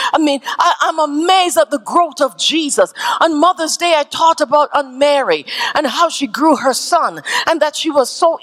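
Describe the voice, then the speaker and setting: A woman pastor preaches with a high, ringing voice. She drives her points home through repetition and rises into shouted climaxes. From Canada. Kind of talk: sermon.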